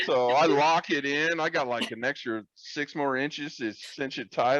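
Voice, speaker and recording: A man co-hosting a podcast, telling a long, profane story in a casual, animated way and acting out the people in it. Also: mid-range voice, normal speed, hardly any pauses, dry recording, highs cut off. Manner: profane, animated, acts out quoted voices. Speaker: podcast co-host.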